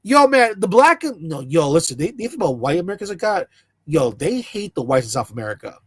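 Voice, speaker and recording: A man's voice: a little high, big pitch swings, fairly quick, a bit bright, slightly rough, no echo. A man giving mocking reaction commentary and often slipping into parody voices. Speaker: commentary streamer.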